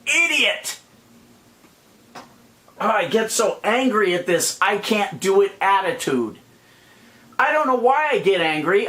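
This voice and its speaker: A middle-aged man with a fairly high-pitched voice delivers an angry, profane rant straight to his viewers. He is blunt and calls himself a plain speaker. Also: a bit bright. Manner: angry, blunt and profane, calling people idiots. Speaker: YouTube money-making vlogger. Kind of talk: ranting monologue to viewers.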